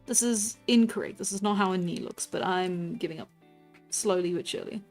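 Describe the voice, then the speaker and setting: Drawing live, a woman artist talks briskly in a fairly low voice, casually chatting with viewers, giggling frequently, and reacting to their messages. There is faint music in the background.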